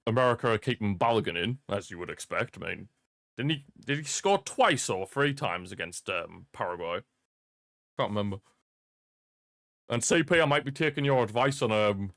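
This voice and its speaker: A man's voice: mid-range voice, fairly bright tone, dry recording, clean studio sound. A young man hosting a football watchalong stream, rambling and chuckling as he chats with viewers over a streaming microphone. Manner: rambling, chuckles often, talks to chat. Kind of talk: casual live-stream chat.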